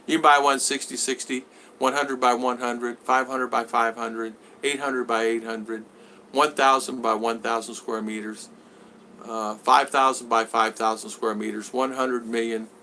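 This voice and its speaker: A man's voice: medium pitch, steady tone, measured pace, bright, forceful tone, a little hiss or hum. A man hosting a casual livestream from home, reading viewer comments aloud and answering them in a rambling way, with many restarts. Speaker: vlogger reading live chat.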